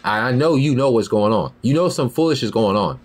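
Young guy rambling on his podcast, cussing, pitch all over the place, always going "you feel me". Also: animated, fairly quick. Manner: rambling, profane, keeps asking "you feel me". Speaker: podcast host. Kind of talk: casual monologue.

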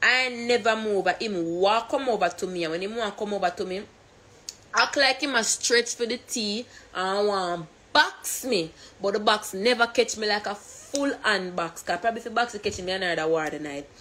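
A woman's voice: mid-range voice, normal speed. Jamaican woman ranting in patois. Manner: animated, swearing, patois storytelling. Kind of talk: storytime rant.

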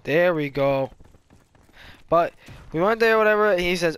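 Rambling young man, slightly high voice. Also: normal speed, long pauses, clear, resonant tone, no echo. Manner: rambling, animated storytelling with trash talk. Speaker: gaming YouTuber. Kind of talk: casual gameplay commentary.

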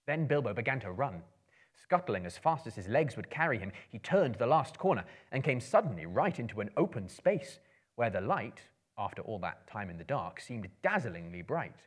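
A man giving a theatrical storybook reading to a live audience, swelling and hushing for suspense. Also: mid-range voice, big pitch swings, normal speed, breathy edge. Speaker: performer of dramatic readings. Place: live performance venue.

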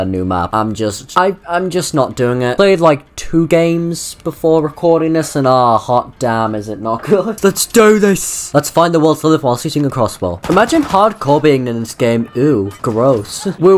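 Excitable gamer man yelping over gameplay. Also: a little high, a little hiss or hum. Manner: excitable, jumps from muttering to loud yelps; swears and laughs often. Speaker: gaming YouTuber. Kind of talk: live gameplay commentary.

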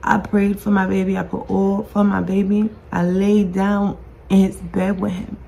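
This time she speaks at a medium pitch with a flat, creaky, mellow delivery and normal speed. The podcast host talks to her camera in an emotional personal monologue, bluntly grieving, close to tears, swearing, and repeating herself.

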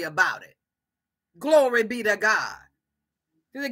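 A woman's voice: medium pitch, sing-song, measured pace, pauses often, fairly bright tone. A woman preaching a fervent sermon, repeating her phrases for emphasis.

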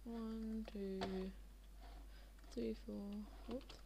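A woman's voice: medium pitch, flat delivery, very slow, gravelly, noisy background. A tired young woman rambling casually over a game she is playing, drowsy, with many fillers. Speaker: Minecraft video maker. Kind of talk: casual gameplay commentary.

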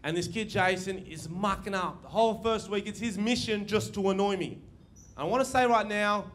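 Young Aussie stand-up, high-pitched and animated, crude delivery, noisy live room. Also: male voice, normal speed. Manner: crude, animated, acts out quoted voices. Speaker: stand-up comedian. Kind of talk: stand-up comedy storytelling. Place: live comedy venue with audience.

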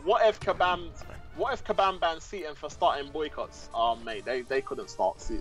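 Male livestream co-commentator, giggly, reads chat messages, fairly high voice, faint music bed. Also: normal speed, a bit bright. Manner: giggly, reads messages aloud between laughs. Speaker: guest co-commentator reading donations.

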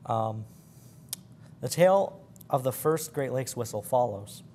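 A man's voice: medium pitch, expressive, measured pace, a little mellow, slight background noise. A man presenting a library program, reading sailor yarns aloud with slips and chuckles. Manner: stumbling, laughing at his slips.

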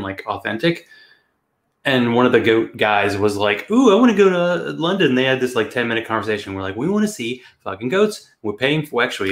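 A man with a fairly low voice tells a story in a loose, chatty way, rambling and cursing casually. It sounds like a podcast recorded in an echoey room. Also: fairly bright tone. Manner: chatty, rambling, swears and laughs often. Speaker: podcast host.

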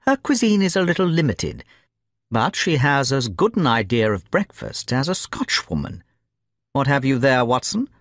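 A man voicing a brisk, confident detective with a teasing edge, speaking crisply in an audiobook reading. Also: medium pitch, very animated, a bit bright, dry recording, clean studio sound.

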